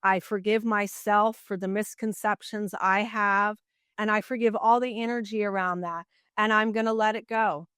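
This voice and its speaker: Woman, middle-aged, podcast guest, earnest animated storytelling, smooth clear voice, dry close sound. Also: mid-range voice, moderate pace, dry recording. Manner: earnest, animated storytelling with many "you know"s. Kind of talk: casual interview storytelling.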